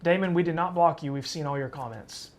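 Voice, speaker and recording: A man's voice: a little high, brisk. A man from western Arkansas hosting a live weather stream, casually talking straight to viewers and answering chat. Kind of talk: live storm coverage, reading chat.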